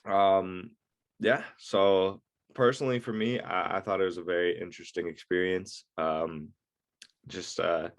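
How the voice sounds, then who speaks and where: Deep-voiced young man with a stuffy nose. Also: steady tone, unhurried. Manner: hesitant, with frequent ums and uhs. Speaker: co-host. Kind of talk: casual chat.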